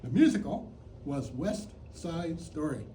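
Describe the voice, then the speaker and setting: Older man telling a lively stage story. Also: on the high side, unhurried, slight background noise. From Chicago. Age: 70s. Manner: playful, theatrical, mock sports announcing. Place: theater stage. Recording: roomy theater sound, distant mic, faint ambience.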